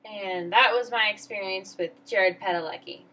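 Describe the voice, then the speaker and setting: A woman's voice: mid-range voice, normal speed, bright, forceful tone, poor audio. A teenage girl vlogging, telling a story in a rambling, flustered, self-mocking way. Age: teens. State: emotional. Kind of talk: casual storytelling vlog.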